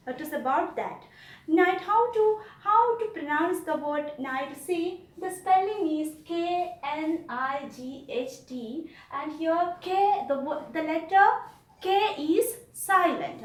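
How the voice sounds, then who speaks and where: Woman teacher from india, high voice, slow deliberate pace, repeats for kids, echoey room, off mic. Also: distant mic. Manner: repeats and explains slowly to children. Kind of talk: online class lesson.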